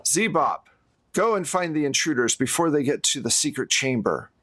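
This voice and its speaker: A man's voice: fairly high pitch, very animated, moderate pace, bright, forceful tone, heavily acted. A man voicing a jaded, teasing male film producer in a tabletop game, talking with dry, sarcastic banter. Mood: wry. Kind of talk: tabletop role-play character voice.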